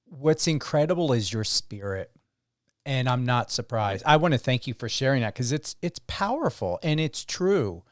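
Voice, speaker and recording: A man's voice: mid-range voice, expressive, moderate pace, no echo, studio quality. A man hosting a radio interview, speaking appreciatively to his guest. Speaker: radio host.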